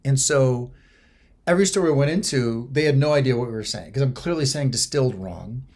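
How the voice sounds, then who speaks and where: A man's voice: medium pitch, lively intonation, a little fast, darkish tone. A man co-hosting a podcast, telling a travel story in casual chat and checking often that his co-host agrees. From United States.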